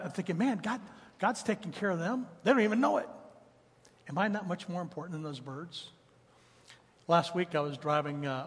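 A man's voice: high voice, breathy edge, long reverb tail. A man in his fifties preaching a sermon in a church, mixing scripture with casual personal stories. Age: 50s. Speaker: pastor. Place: church sanctuary.

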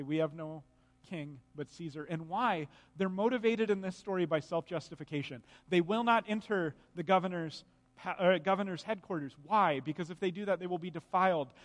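A man's voice: high-pitched, in a large hall. A man preaching a sermon, reading scripture aloud and explaining it with earnest emphasis and pointed rhetorical questions.

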